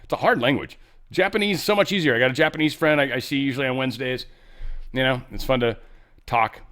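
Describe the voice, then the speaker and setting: A man's voice: medium pitch, quick pace, a bit bright. A man hosting a casual political commentary show, rambling with frequent fillers and restarts. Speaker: show host.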